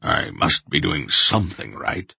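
A man reading an audiobook and voicing a shrewd, gruff old sorcerer in a dry, measured way. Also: a bass voice, very animated, pushed and bright, dry recording, exaggerated voice. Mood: thoughtful.

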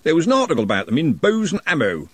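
A man's voice: a little high, huge pitch swings, fast talker, husky, dry recording, pitched above the performer's own voice, full character voice. A man voicing a big blustering bloke. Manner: loud, blunt, indignant questions. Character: huge touchy working man, blustering and suspicious.

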